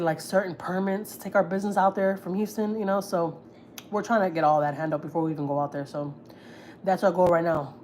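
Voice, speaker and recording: A woman's voice: on the low side, a little mellow, a little hiss or hum. A woman on a casual gossip livestream, telling family stories candidly, swearing freely and acting out what others said. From United States. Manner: candid, storytelling, swears freely, acts out quotes. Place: home.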